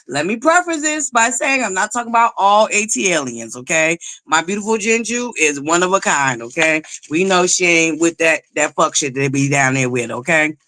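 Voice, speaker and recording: A woman's voice: lowish voice, bright, forceful tone, no echo. A woman hosting a casual livestream chat, talking straight to her viewers in a sassy, joking way, laughing often. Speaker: livestream host.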